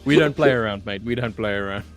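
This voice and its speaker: A man's voice: lowish voice, quick pace, soft background music. Joking South African man co-hosting. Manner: jokey, drops "mate" often. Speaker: co-host. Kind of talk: casual live-stream banter.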